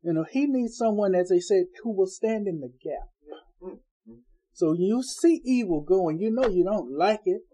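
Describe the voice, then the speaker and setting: A man's voice: sits high, lively intonation, measured pace, warm tone, low-quality recording. A man preaching an informal Bible-study sermon in a folksy, conversational way, acting out the people he quotes.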